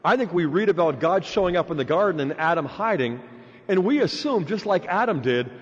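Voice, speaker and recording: Male preacher, highish lively voice, dull hall recording with long echo. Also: brisk. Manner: animated, acts out voices in stories. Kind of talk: sermon with storytelling.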